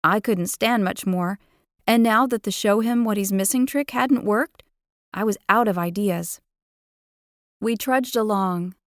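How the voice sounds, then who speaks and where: A woman narrating a first-person romance audiobook in an expressive, playful way, on a close studio mic. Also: mid-range voice, no echo.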